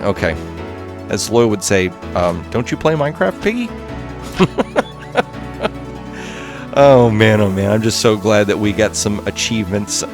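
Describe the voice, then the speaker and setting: Lively, low-pitched gaming host man. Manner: excitable, talks to viewers while playing. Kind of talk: casual gameplay commentary.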